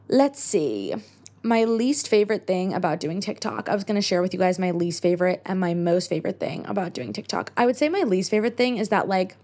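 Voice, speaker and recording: A woman's voice: fairly low pitch, darkish tone. A young American woman in her twenties hosting a podcast, chatting casually on her own and filling her talk with "like". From United States. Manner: chatty, many "like" fillers. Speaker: podcast host. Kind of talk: casual solo chat.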